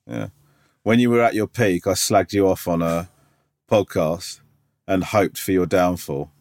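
A man's voice: low voice, animated, measured pace, darkish tone, no room sound. Teasing man, dry close mic. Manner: sweary, teasing, reads listener letters aloud. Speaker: podcast co-host. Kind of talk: casual podcast banter.

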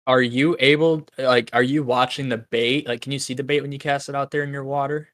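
Flat-voiced man in a dry room. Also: mid-range voice, brisk, no room sound. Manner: brief interjections and questions. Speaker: podcast host. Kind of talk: casual chat.

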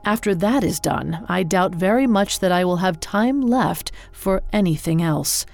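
A woman's voice: fairly low pitch, animated, unhurried, gravelly, a little mellow. A woman voicing a grief-stricken king of knightly legend in a storybook reading, speaking in solemn, formal words. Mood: grieving.

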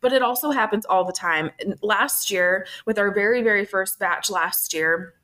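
A woman's voice: mid-range voice, normal speed, sharp tone, low-quality recording. A woman co-hosting a podcast in casual chat, talking in a chatty, reflective way with many fillers. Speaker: podcast co-host.

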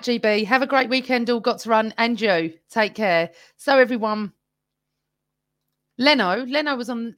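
A woman hosts a live fan podcast by herself, chatting casually and reading viewers' comments aloud. Her voice sits a little high. The sound is close and dry, with no room echo. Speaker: podcast host. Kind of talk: live-stream fan chat.

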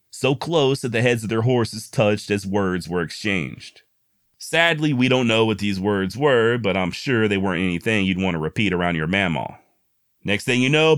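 A man's voice: lowish voice, a bit bright, no echo, studio quality. A man narrating frontier history in a casual, folksy way with wry asides. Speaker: history storyteller.

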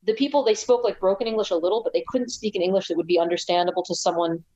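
American woman guest, rapid chatty storyteller, lo-fi dull recording. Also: fairly low pitch. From United States. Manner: rapid, animated, chatty with many restarts. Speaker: guest, ultrarunner. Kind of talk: casual interview storytelling.

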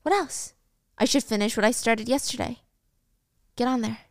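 A woman's voice: a little high, normal speed, vocal fry, no room sound. A taunting, profane teen boy with a knife, snarling threats in a slightly raised, clipped voice, as a woman puts him on while recapping a drama. The sound is close and dry. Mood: menacing. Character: menacing teen boy holding a hostage.

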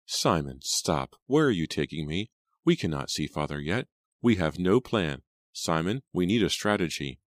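A man's voice: low-pitched, big pitch swings, normal speed, no echo. A man voicing a scornful young woman who practices witchcraft, in an imperious manner, reading an audiobook. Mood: urgent. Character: scheming young Southern belle witch, scornful. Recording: dry close studio sound.

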